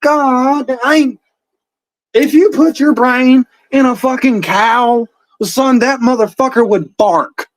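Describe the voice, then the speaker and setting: A man's voice: very high-pitched, slow pace, no echo, poor audio. A man hosting a livestream, taunting a rival in a heated, profane, mocking rant. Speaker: livestream host.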